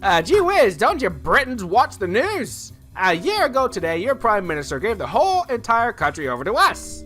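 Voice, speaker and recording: A man's voice: high-pitched, wildly swooping pitch, moderate pace, sharp tone, faint music behind, voice pushed up, exaggerated voice. A man voicing a brash, folksy governor with a put-on drawl.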